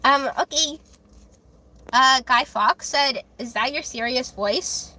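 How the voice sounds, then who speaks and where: High bright-voiced woman tarot streamer. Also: takes it slowly, slight background noise. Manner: chatty, many fillers and restarts; blunt and defensive. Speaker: tarot reader hosting a live stream. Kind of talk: casual live-stream chat.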